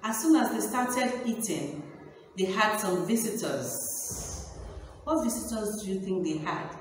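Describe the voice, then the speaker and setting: A woman teaching a phonics lesson to small children, speaking in a slow, exaggerated, sing-song, encouraging way. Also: mid-range voice, animated, slight background noise. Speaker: pre-nursery teacher. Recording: echoey room from far off.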